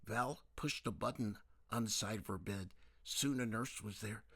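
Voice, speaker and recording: A man narrating a novel chapter in a slow, expressive storytelling manner. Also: mid-range voice. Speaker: audiobook narrator. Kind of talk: novel reading.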